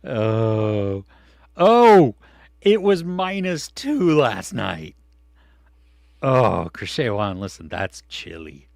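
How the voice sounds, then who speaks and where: A man with a lowish voice co-hosts a casual live stream, reading out viewers' comments. He swings between excited, high outbursts and low, trailing mutters. The sound is dry and close to the mic. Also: takes it slowly, vocal fry, no room sound. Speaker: podcast co-host reading live chat. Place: home studio.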